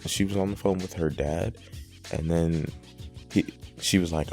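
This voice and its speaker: Deep dark-voiced guy doing reaction commentary, exasperated, says like a lot. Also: steady tone, moderate pace, creaky, soft background music. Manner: exasperated, rambling with many fillers. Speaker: commentary host.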